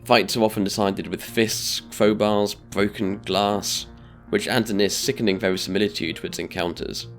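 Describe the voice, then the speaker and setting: A man giving a scripted video-essay narration in a measured, deliberate way. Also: fairly low pitch, steady tone, soft background music.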